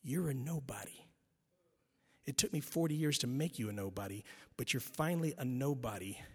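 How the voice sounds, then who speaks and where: Man voicing a calm, firm God. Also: medium pitch, moderate pace, breathy edge, close to an everyday voice. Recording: long reverb in a large hall.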